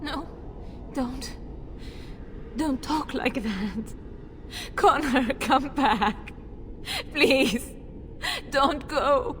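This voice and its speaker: A woman's voice: high voice, very slow, pauses often, a little hiss or hum. An actress playing a middle-aged noble mother pleading emotionally for her son in a video game. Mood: tender. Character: noble mother, desperate and grieving.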